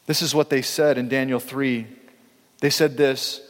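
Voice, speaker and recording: A man's voice: medium pitch, moderate pace, in a large hall. A man pastor preaching a sermon in a conversational, emphatic way, acting out quoted speakers.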